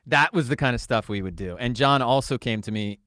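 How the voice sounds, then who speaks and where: A man's voice: mid-range voice, fairly quick, no echo. A man co-hosting a podcast, telling a story in casual chat and acting out the quoted lines. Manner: animated storyteller, acts out quotes. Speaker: podcast co-host.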